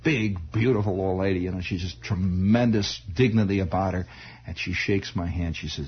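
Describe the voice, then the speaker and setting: A man telling a personal story in a halting, rambling way, full of restarts and asides. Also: low-pitched, slightly rough. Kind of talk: spoken storytelling monologue. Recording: dull lo-fi old recording.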